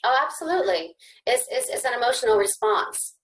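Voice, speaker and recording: Animated woman guest with repeated restarts. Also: a little fast, poor audio. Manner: animated, sweeping pitch rises when excited; frequent repeated word restarts. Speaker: podcast guest. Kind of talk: conversational interview.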